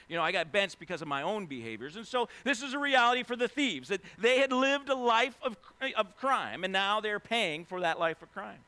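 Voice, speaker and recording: A man preaching a sermon, reading scripture quietly and then rising into loud, emphatic preaching. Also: high voice, lively intonation, moderate pace. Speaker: pastor.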